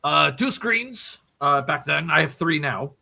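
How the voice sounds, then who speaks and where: A raspy, gravelly man putting on a gruff dwarven brogue in casual podcast chat. His voice is bright and fairly high, and he swears freely. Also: lively intonation, unhurried. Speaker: podcast guest.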